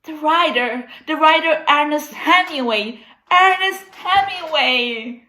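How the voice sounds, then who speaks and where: A woman's voice: high-pitched, slow, pushed and bright, roomy sound, heavily acted, poor audio. An actress playing a distraught young woman organizer who stammers in frantic, melodramatic despair, in a comedic video-call sketch.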